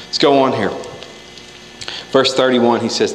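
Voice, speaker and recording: A man delivers a relaxed, conversational sermon, pausing to act out the scripture scenes himself. His voice sits at an ordinary middle pitch and rings through a large hall with a long echo and faint ambient noise. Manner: conversational, animated, acts out scripture quotes. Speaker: preacher. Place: church hall.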